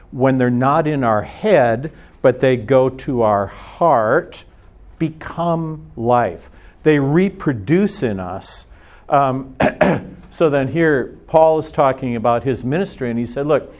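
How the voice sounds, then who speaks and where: A middle-aged man preaching a sermon in a conversational, storytelling way, with quick bursts of speech and casual asides. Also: mid-range voice.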